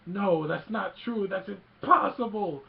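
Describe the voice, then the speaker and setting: A man putting on a desperate, defiant young hero, giving loud, strained cries, with a muffled sound and a faint hum. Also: high voice, unhurried, gravelly, pitched above the performer's own voice. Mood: anguished.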